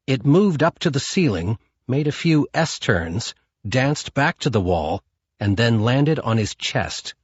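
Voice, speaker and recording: A man's voice: mid-range voice, very animated, a little slow, husky, no room sound, dull audio. A man narrating a crime novel audiobook in a dramatic storytelling manner. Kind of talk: scripted narration.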